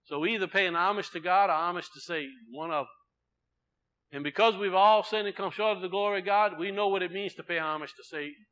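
A male preacher delivers a sermon in a high, bright, forceful voice. He swings between loud proclaiming and quiet, low asides, and he often repeats his words for weight. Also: fast talker, poor audio.

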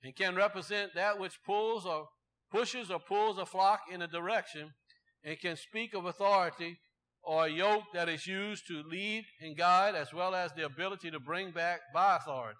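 A man preaches a Bible teaching sermon, slowly explaining the meanings of words before building to fervent exhortation with rising intensity. His voice sits high with a fairly bright tone.

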